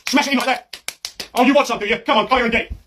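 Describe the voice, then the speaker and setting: A man doing a loud British football dad. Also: extremely high pitch, fast talker, slight background noise. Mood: shouting. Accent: British English. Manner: shouty, blustering, laddish. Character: loud pushy male football dad on the touchline. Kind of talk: comedy sketch character.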